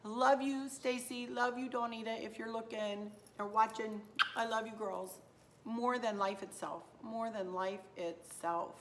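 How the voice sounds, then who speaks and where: A hoarse woman chatting casually to her viewers as a home decor vlogger, gushing and affectionate, rambling from one thought to the next. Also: a little high, fairly even intonation, unhurried, slight background noise.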